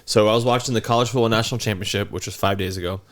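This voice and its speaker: A man's voice: on the low side, fairly even intonation, racing. A man in his thirties casually telling a long, rambling story on a podcast. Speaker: podcast co-host.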